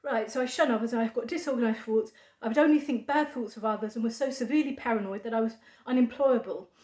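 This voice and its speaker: A woman talking to camera in a halting monologue of dry sarcasm, full of fillers. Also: on the high side, a little mellow. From United Kingdom. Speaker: vlogger. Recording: echoey room.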